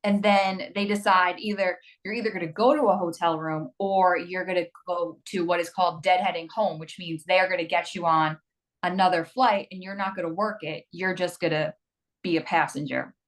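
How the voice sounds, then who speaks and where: A woman flight attendant chatting in an interview, telling stories in a lively way and acting out what others said. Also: fairly low pitch, normal speed. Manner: animated storyteller acting out quoted voices with laughs. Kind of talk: casual interview chat.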